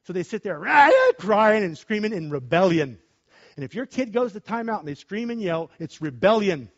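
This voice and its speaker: A man preaching with passion, swinging from shouts to quiet talk. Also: high voice, animated, moderate pace. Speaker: pastor. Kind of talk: preaching sermon with discussion. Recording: dull lo-fi recording.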